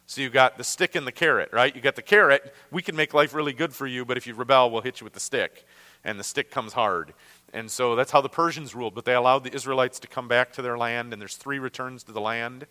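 Bright-voiced Great Lakes man teaching scripture. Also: medium pitch, fast, big-room sound. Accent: Great Lakes American. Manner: conversational, with frequent fillers and restarts. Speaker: Bible teacher. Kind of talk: Bible lesson.

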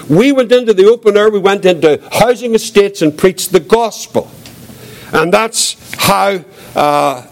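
An older man giving his testimony as a preacher, earnest and reflective, with a quiet voice. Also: sits high. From Northern Ireland. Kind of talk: testimony sermon.

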